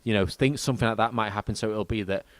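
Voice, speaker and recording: A man's voice: fairly low pitch, fast talker, dry recording. A young man chatting casually as a podcast guest, rambling and restarting, swearing freely. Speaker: podcast guest, ticketing business manager. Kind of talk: casual chat.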